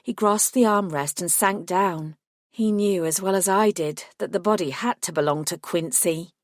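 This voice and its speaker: A woman reading a first-person fantasy audiobook in a measured, even storytelling voice. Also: lowish voice, dry recording, studio quality. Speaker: audiobook narrator.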